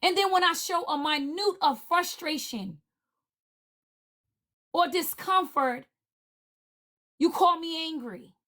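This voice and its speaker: A woman speaking on a livestream panel in a heated, indignant rant, repeating her demands forcefully. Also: very high-pitched, lively intonation, slow pace, pauses often.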